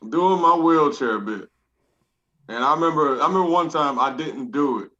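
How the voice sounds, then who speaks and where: A man, a comedian, telling a quick story about skipping one of his jokes. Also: fairly high pitch, expressive, pushed and bright. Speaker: comedian guest. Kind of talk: casual chat. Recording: dull lo-fi sound.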